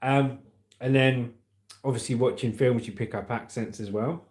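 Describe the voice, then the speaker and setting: A man's voice: medium pitch, steady tone, moderate pace, a little mellow. A middle-aged man from the UK hosting a casual livestream, joking and reading viewer comments aloud. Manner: chatty, jokey, reads comments aloud. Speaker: livestream host.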